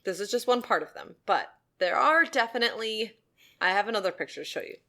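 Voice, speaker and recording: A woman co-hosting a podcast in casual, rambling chat, giggly and high on edibles. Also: expressive, fairly quick, sharp tone. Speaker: podcast co-host.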